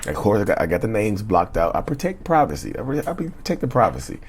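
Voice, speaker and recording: A YouTube commentator on narcissistic abuse reads viewer emails aloud and talks directly to his audience in a casual way. His male voice sits on the low side, moves fast with big pitch swings, and has a slight roughness. He stumbles and repeats words as he reads.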